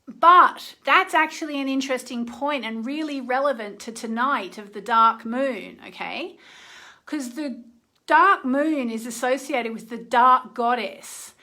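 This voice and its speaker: Streaming live from her phone, a middle-aged astrologer leads a talk and guided meditation, keeping it chatty and repeatedly asking "okay?". Her voice sits high and sounds pushed and bright.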